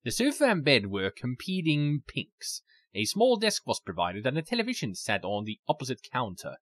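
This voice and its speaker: A man reading out the game's narration as a reserved, observant gentleman, in a measured delivery. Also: medium pitch, wildly swooping pitch, dry recording. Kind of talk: reading game narration aloud.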